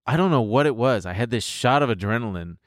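A man's voice: mid-range voice, quick pace, no room sound, studio quality. A man in his thirties, co-hosting a podcast, telling a story in casual chat and acting out the voices in it. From United States. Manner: animated, acts out voices in his stories, laughs often. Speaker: podcast co-host.

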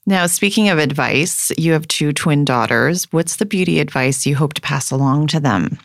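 A woman's voice: deep voice, normal speed, dry recording, clean studio sound. A woman, a mother, co-hosting an interview and asking friendly prepared questions. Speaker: podcast co-host.

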